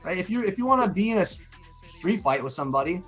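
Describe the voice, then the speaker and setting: A man's voice: high voice, fast talker. A middle-aged man with a slightly raised voice tells stories in casual chat. He acts out other people's lines and curses freely. Faint music plays behind him. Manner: animated storyteller, acts out quotes, swears freely. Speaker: stream co-host.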